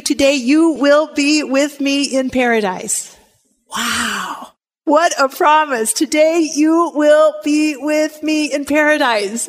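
A woman giving a Scripture study lecture, explaining calmly and reading Bible passages aloud. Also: fairly high pitch. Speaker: Bible teacher. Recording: long hall reverb.

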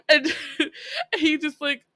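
A woman casually recapping a drama episode, animated and laughing as she acts out the characters' lines. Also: sits high, extremely slow, no room sound. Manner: animated storytelling, laughing often, acting out lines. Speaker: podcast co-host recapping a drama. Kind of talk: casual chat.

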